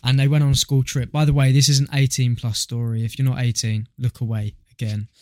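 A man's voice: medium pitch, little pitch movement, brisk, a little mellow, no room sound, studio quality. A young man co-hosting a podcast in casual chat, joking, swearing freely and telling stories with relish. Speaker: podcast co-host.

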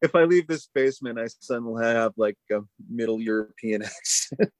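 This Boston-area podcast co-host speaks at a medium pitch and normal speed in a dry recording. He rambles through casual chat, leaning heavily on fillers like "like" and "you know."

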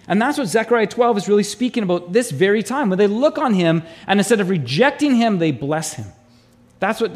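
A male pastor preaching a sermon to his congregation, animated and acting out voices in the stories he tells. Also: high voice.

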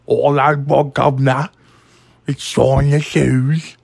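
A man's voice: medium pitch, level tone, slow pace, vocal fry, darkish tone, breathy edge, dry recording, voice pushed up, heavily acted. A man putting on an exaggerated mock Cockney accent with a lisp, playing a cheery chimney-sweep from an old film. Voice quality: lisping.

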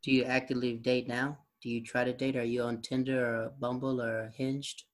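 Guy hosting a podcast, chatty and animated, asks lots of questions. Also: mid-range voice, normal speed. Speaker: podcast host. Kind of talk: casual interview chat.

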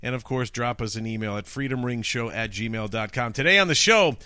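Bright-voiced man co-hosting a podcast. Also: medium pitch, clean tone, dry recording. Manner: jokey, plugs the show, reads verses slowly. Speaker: podcast co-host. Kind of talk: casual chat and scripture reading.

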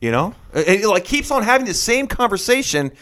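A man's voice: sits high, a little fast. A man in casual chat, retelling a story animatedly and acting out the people he quotes. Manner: animated storyteller who acts out quotes in shifting voices.

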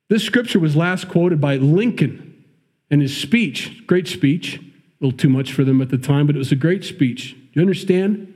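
A man's voice: a little high, darkish tone, breathy edge. A man with a Midwestern accent preaching a sermon, reading scripture and breaking off into conversational, emphatic commentary. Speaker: pastor.

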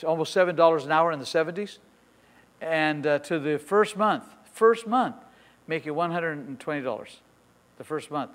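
Older guy pastor preaching, kinda high voice, acts out the dialogue, gets loud, big echoey church hall. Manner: animated, acts out dialogue, repeats phrases, builds to shouts. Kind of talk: sermon storytelling.

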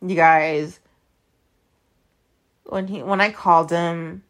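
A woman's voice: on the low side, fairly even intonation, takes it slowly. A woman hosting a podcast, telling a story in casual, blunt and profane talk full of fillers. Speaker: podcast host.

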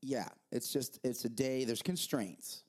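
Animated storytelling worship leader man. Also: medium pitch, a little slow. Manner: animated storyteller, jokey, laughs at himself. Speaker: worship leader and youth director. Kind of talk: casual church podcast chat.

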